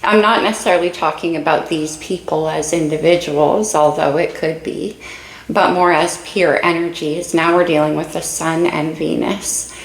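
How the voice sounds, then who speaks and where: A woman with a low, gravelly voice reads tarot cards casually at a moderate pace, her tone steady though she's a bit out of breath. She drifts through her thoughts dreamily and talks right to her viewers. The rough recording sounds reverberant.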